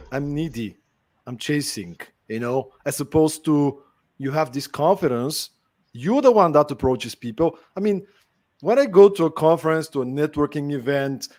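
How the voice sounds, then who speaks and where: A man's voice: mid-range voice, a little mellow. A man hosting a podcast, talking in a chatty, casual way with many fillers. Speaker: podcast host.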